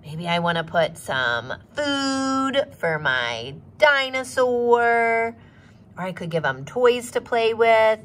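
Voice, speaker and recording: A woman leading a virtual circle time lesson for young children from her office, speaking in a sing-song, expressive way and asking the children questions. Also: a little high, slow pace. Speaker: preschool teacher.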